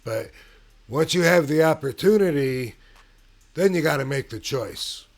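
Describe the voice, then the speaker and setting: A man casually telling a personal story as host of his own channel, in a laid-back way with pauses and fillers. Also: a little high, animated.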